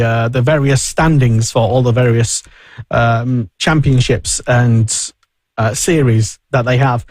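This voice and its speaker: A man's voice: medium pitch, no echo. A man hosting a casual motorsport radio chat, talking in a rambling way with many fillers and restarts. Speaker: radio show host.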